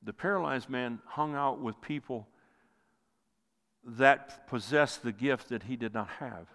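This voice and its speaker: Preaching man in a reverberant hall. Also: unhurried. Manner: impassioned preaching, swells loud then drops low. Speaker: pastor. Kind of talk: sermon.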